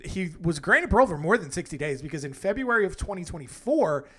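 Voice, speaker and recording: A man hosts a comedic storytelling podcast with a fairly high voice. He talks in a rambling, casual way, breaking off for jokey asides and correcting himself as he goes. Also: fairly bright tone. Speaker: podcast host.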